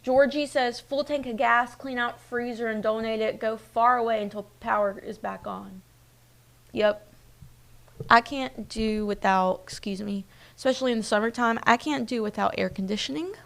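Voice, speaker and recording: A woman's voice: fairly high pitch, fairly even intonation, normal speed, gravelly, fairly bright tone. A woman in her twenties hosting a streamed local news show, talking in a chatty, personal way with many fillers. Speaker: news host. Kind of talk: casual live-stream news chat.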